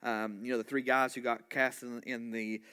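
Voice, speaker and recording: A male pastor preaching a sermon in an animated way, often restarting phrases and asking his congregation questions. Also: mid-range voice, normal speed, clear, resonant tone. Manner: animated, with frequent restarts and repeated words; asks the congregation rhetorical questions and call-and-response.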